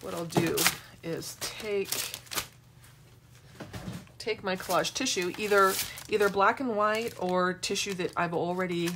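A woman's voice: on the low side, fairly even intonation, unhurried, a bit bright, a little hiss or hum. A middle-aged woman hosting a casual craft tutorial, chatting and wandering into asides as she works. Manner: chatty, rambling asides while working. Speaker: craft demo host.

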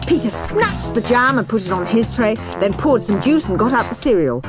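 A woman reading a children's bedtime story aloud in an expressive storyteller manner. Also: medium pitch, moderate pace, hardly any pauses, over music.

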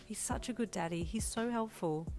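A woman's voice: mid-range voice, normal speed, a little mellow, faint music behind, voice pushed up, lightly acted. A woman voicing a cheerful, affectionate young mother, the listener's character in a fanfiction reading. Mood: bubbly. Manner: bubbly, affectionate.

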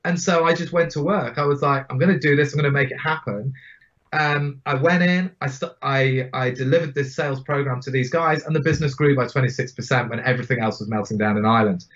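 A man in his forties, guest on an interview podcast, telling his stories in an animated, emphatic way. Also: medium pitch, fast talker, hardly any pauses. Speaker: guest speaker. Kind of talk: storytelling interview. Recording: dull lo-fi sound.

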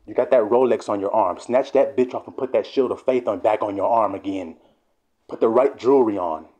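A man's voice: lowish voice, brisk. Fiery, swearing man preaching. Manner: fiery, swearing, often loud and shouting. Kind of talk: fiery profane sermon rant.

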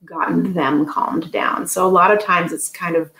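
A woman who educates new parents, answering interview questions in a calm, explanatory way. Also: on the low side, moderate pace. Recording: echoey room.

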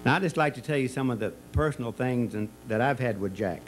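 A man at a microphone in a party room tells easygoing stories and corny jokes about an old coworker. He stumbles and restarts as he talks, in a voice of middling pitch. A faint hum of noise sits behind him. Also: fast talker, low-quality recording. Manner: rambling storyteller who tells jokes with many restarts and fillers. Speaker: retirement party speaker, former school colleague. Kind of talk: folksy anecdotal speech at a party.

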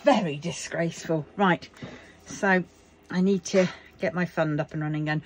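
A woman's voice: low voice, steady tone, normal speed, background noise. A tired woman chatting casually as she works on a craft project at home, grumbling and joking to herself. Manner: chatty, self-mocking, grumbling asides. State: tired, yawning. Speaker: crafting vlogger. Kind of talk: casual chat while crafting.

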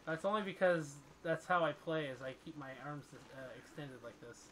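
Excitable young man playing a game. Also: on the high side, normal speed. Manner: excitable, swears loudly at the game. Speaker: let's play host. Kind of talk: casual gaming chat. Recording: noisy home recording.

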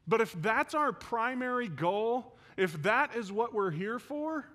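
High-voiced animated man preaching. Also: unhurried. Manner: animated storytelling preacher, acts out voices of biblical characters. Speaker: pastor. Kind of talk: sermon. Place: church.

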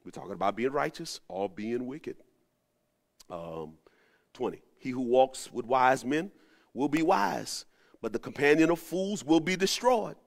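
A man preaching a sermon, animated, rising to emphatic peaks and dropping to low asides. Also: a little slow, creaky. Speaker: pastor. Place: at home during the pandemic.

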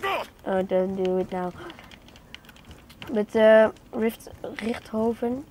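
A young woman who is not a native English speaker chats through her gameplay in a fairly high voice, now and then breaking into startled exclamations. The recording is noisy, with a clear hiss behind her voice. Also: takes it slowly, a little mellow. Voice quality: chatty, bursts into startled exclamations. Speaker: gaming channel host. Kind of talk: casual gameplay commentary. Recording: noisy home game recording.

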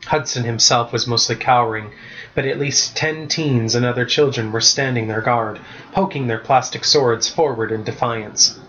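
A man's voice: medium pitch, steady tone, normal speed, a bit bright. Man reading his story aloud, muffled. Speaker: author reading his book. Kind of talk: storybook narration. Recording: muffled lo-fi recording.

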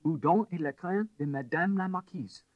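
A man voicing a frightened French lady's maid with a French accent and a high, shrill voice. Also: normal speed, no room sound, lo-fi sound, natural voice. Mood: alarmed.

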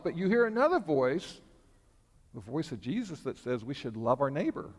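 A man's voice: on the high side, sing-song, moderate pace. A man leading a children's sermon in church, friendly and asking the kids questions. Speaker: pastor leading a children's message. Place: church sanctuary. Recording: long church reverb.

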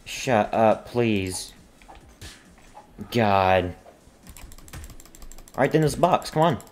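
A man's voice: on the low side, animated, extremely slow, a little mellow. A man giving casual gameplay commentary, grumbling and talking at the game in frustration. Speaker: gaming video creator.

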